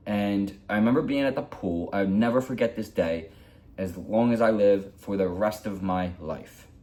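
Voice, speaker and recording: A man's voice: lowish voice, a little mellow. A man in his forties telling a heartfelt personal story in a rambling, repetitive way. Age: 40s. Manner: rambling, heartfelt, repeats himself. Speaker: hockey vlogger.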